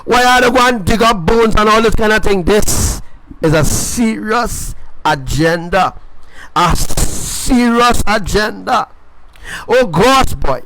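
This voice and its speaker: A man preaching on a livestream, repeating phrases and rising to shouts. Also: very high voice, a little hiss or hum, poor audio. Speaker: self-styled prophet preacher.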